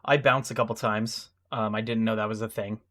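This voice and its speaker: A man's voice: lowish voice, fairly even intonation, brisk, pushed and bright. A young man telling a long personal mishap story in casual, self-deprecating style, full of restarts and asides. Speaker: podcast co-host.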